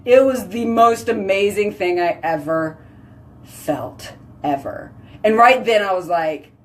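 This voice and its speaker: A woman hosting her own show, chatting casually with viewers, full of "like" and lively exclamations. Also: medium pitch. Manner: chatty, heavy use of "like", animated exclamations. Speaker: host.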